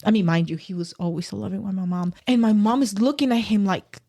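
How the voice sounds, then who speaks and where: Speaking in a warm, medium-pitched voice, a woman appearing as a podcast guest recounts something personal. She's sincere, though she stumbles and begins again often.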